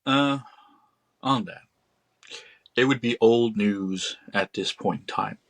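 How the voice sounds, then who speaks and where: A man's voice: fairly low pitch, takes it slowly. A man guest on a podcast telling an encounter story in casual conversation, speaking in a vivid second person and acting out scared voices.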